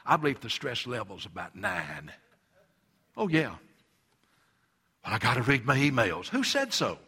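Preacher guy, high-ish bright voice, punchy repeats, does little voices for people. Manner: emphatic preaching, repeats phrases, acts out quoted voices. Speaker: pastor. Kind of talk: sermon.

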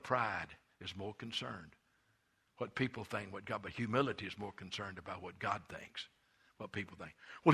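A middle-aged preacher delivers his sermon in a husky, forceful voice. He drops low and quiet for asides, then surges with fervent emphasis. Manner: impassioned storytelling preacher, swings from hushed to emphatic. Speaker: pastor.

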